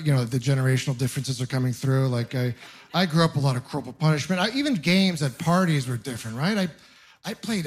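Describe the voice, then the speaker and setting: A man in his thirties from Ontario doing a stand-up comedy set, telling stories deadpan with quick voiced asides. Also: on the high side. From Ontario, Canada. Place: comedy club stage with a live audience laughing.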